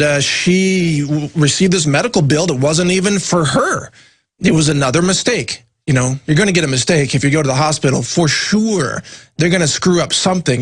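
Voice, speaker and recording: Guy on talk radio doing news bits, kinda sarcastic and animated, a bit high. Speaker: radio co-host.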